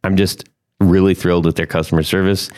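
A man with a very low voice hosts a laid-back guitar gear podcast. He rambles cheerfully, jokes, and restarts his sentences with plenty of ums and uhs. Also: level tone, brisk, darkish tone. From United States. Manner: chatty, joking, filler-heavy. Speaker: podcast host. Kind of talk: casual podcast chat.

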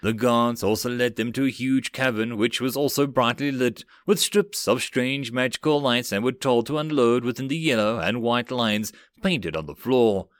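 A man reading a web novel aloud as an audiobook narrator, going straight through the text and lifting his pitch for quoted lines. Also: moderate pace, hardly any pauses, no room sound, clean studio sound.

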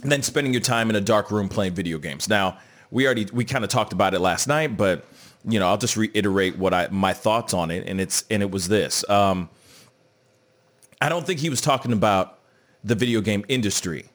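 A man's voice: on the low side, moderate pace, a bit bright. Casual young male morning-show host. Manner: loose, rambling, frequent fillers. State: morning voice, a bit cracky.

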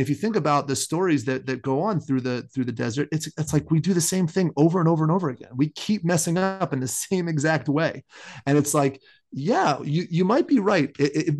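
A married man co-hosting a casual podcast chat, thinking aloud about scripture with many restarts and animated asides. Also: on the high side, fairly quick. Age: adult, married. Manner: rambling, self-interrupting, animated. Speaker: podcast co-host.

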